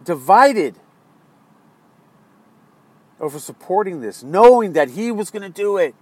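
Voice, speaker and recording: An American man ranting angrily about politics, swearing constantly and swinging between low muttering and exasperated yelling. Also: lively intonation, a little slow, long pauses. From United States. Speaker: political commentator. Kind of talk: angry political rant.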